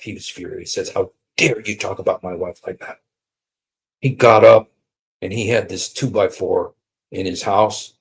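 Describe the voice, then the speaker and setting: Male preacher, gravelly and breathy, polemical and sarcastic, loud bursts then quiet asides. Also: on the low side. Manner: emphatic and mocking, swings between loud and quiet. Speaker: preacher on a streamed show. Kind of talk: polemical religious talk.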